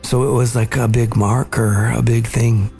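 A man hosting a podcast, earnestly recounting a family memory in a measured, reflective way. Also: medium pitch, flat delivery, creaky, dark tone, faint music behind. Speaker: podcast host. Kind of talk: reflective storytelling conversation.

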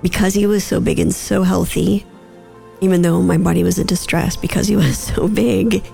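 A woman's voice: fairly low pitch, fairly even intonation, moderate pace, gravelly, warm tone, soft background music. A woman recounting a personal story in conversation, emotional and holding back tears.

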